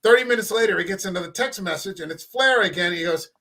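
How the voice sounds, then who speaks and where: Man, casual podcast host, high voice, bright tone, profane animated storyteller. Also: fast. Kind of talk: casual chat.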